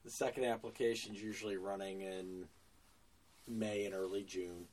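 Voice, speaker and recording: A man talks shop on a podcast in a deep, unhurried voice. He's plain-spoken, with lots of ums and restarts. His voice sits slightly away from the microphone. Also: recorded from a distance, slight background noise. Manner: relaxed, plain-spoken, many fillers. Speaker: lawn care business owner. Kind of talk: casual podcast conversation.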